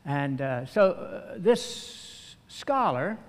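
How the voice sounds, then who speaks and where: Older man, preacher, folksy sermon, fillers and pauses, reverberant church hall. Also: on the high side, sing-song.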